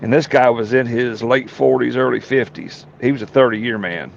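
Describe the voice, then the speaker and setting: A man's voice: medium pitch, normal speed, creaky. A man telling rowdy stories in a folksy drawl, peppered with cursing. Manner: folksy drawl, colorful profanity. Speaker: storyteller on a talk show. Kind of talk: casual storytelling. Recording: dull lo-fi sound, faint room noise.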